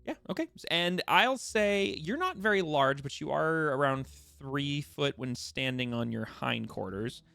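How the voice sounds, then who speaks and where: A man narrating as game master, halting and full of fillers. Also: a little high, lively intonation, creaky, pushed and bright, no room sound.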